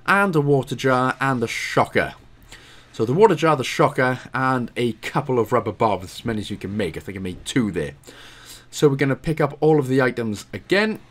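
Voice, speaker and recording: A man's voice: medium pitch, animated, a little fast. A Welsh man giving casual, chatty commentary over a video game walkthrough, with self-deprecating, apologetic asides.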